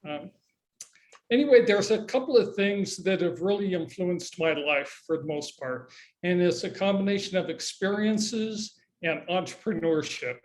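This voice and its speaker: An older man from Southern California giving a personal introductory speech, with hesitant pauses and fillers, over a video call. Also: high-pitched, expressive. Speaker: demonstration speaker.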